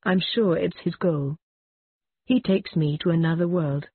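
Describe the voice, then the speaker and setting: Frightened dying woman, anxious and pleading, voiced by the narrator, husky tone over a tinny line. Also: medium pitch, fairly even intonation, unhurried, no echo. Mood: fearful. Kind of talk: reading a ballad aloud.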